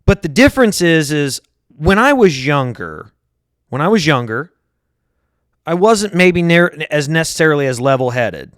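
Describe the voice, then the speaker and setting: A man in his thirties who lives in Harris County, Texas, hosts his own show and delivers a heated, profane monologue, often repeating himself. His voice is medium-pitched, and the recording is dry with clean studio sound.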